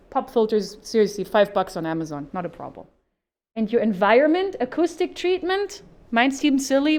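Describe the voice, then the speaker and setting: A woman's voice: fairly high pitch, darkish tone. Chatty woman giving a panel talk. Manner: chatty, upbeat, practical, jokey asides. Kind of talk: informal how-to presentation. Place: convention panel stage.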